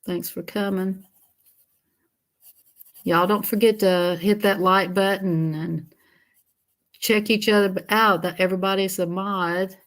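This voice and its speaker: Brief: woman streamer, chatty and giggly, mid-pitched, talks to her chat. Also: steady tone, slow, pauses often, fairly bright tone. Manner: chatty, laughs often, greets viewers. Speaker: livestream host. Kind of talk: casual livestream chat while coloring.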